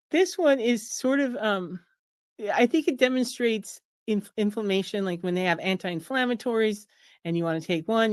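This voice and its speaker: A woman's voice: no echo, clean studio sound. A woman in her fifties, a pharmacist and author, talking casually through her slides on a video call and mocking the system in a sarcastic tone. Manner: chatty, sarcastic, acts out quoted voices in a higher pitch. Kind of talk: casual presentation over slides at a streamed fundraiser.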